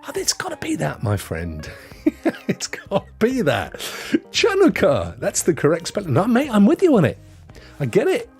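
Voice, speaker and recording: Chatty man hosting a live stream; very lively pitch, joking with chat, faint music behind. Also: normal speed. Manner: chatty, jokey, reads chat aloud.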